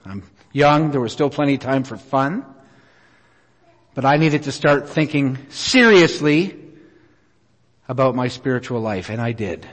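A middle-aged man preaching a sermon, telling a personal story in an earnest, unhurried way with many pauses. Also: mid-range voice, animated. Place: church auditorium. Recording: reverberant hall.

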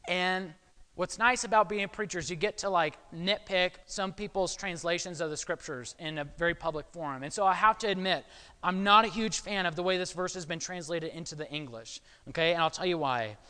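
High-voiced preacher in a reverberant hall. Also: male voice, brisk, bright, forceful tone, smooth. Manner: conversational, frequent "okay?" check-ins. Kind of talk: sermon.

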